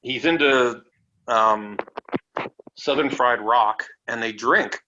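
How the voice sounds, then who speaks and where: Man, from Canada, animated storyteller, swears a lot, bright forceful tone, dull lo-fi audio. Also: medium pitch, slow. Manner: animated, swearing, acts out quotes. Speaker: wrestler guest. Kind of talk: casual storytelling interview. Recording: dull lo-fi audio with faint noise.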